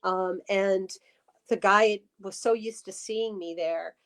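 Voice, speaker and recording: A woman guest on a live chat stream, telling stories in an animated, restarting way. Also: medium pitch, slow. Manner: animated storyteller, many restarts.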